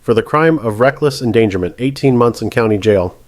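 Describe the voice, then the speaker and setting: A man voicing a stern judge who speaks in a calm, measured, precise way. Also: mid-range voice, dry recording, close to an everyday voice. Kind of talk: scripted narration.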